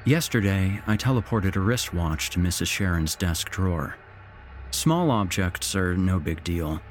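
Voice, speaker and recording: A man voicing a shy teenage boy who speaks in a quiet, measured way. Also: low voice, expressive, a little hiss or hum. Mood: calm.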